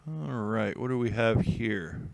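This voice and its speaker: A man's voice: on the low side, unhurried, gravelly, dry recording, low-quality recording. A man hosting a casual live stream, rambling and thinking aloud with many fillers and restarts while he browses listings. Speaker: YouTube host.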